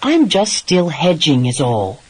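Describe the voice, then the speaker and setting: A man voicing a stubborn, hedging young American wife in an audiobook, defensive and quick to argue. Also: on the high side, huge pitch swings, husky, exaggerated voice, rough recording.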